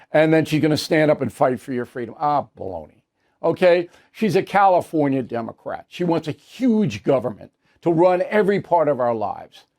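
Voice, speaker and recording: A man hosts a political commentary segment with a blunt, combative delivery. He waves off claims with curt dismissals. His voice sits a little high for a man. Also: darkish tone. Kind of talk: opinionated news commentary.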